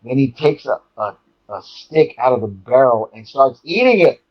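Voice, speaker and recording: A man telling a story as a guest in casual chat, animated and halting with many restarts and repeated words. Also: medium pitch, highs cut off.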